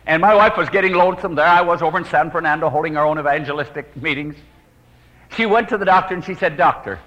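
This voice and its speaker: A man evangelist telling a personal story in an earnest sermon style, his voice dropping to hushed, prayerful tones. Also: on the high side, in a large hall.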